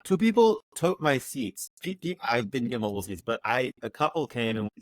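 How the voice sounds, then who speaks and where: A man's voice: medium pitch, very animated, dry recording. A man co-hosting a casual movie review podcast, telling stories enthusiastically and cutting himself off mid-sentence. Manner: rapid, enthusiastic, self-interrupting storytelling. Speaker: podcast co-host.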